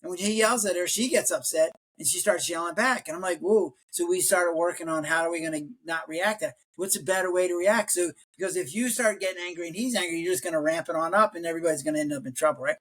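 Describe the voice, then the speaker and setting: A man's voice: high voice, quick pace, few pauses. An older man, a retired physician, talking casually as a podcast guest and acting out quoted lines with a raised voice. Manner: animated storyteller, acts out quotes in raised voice. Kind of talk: casual interview talk.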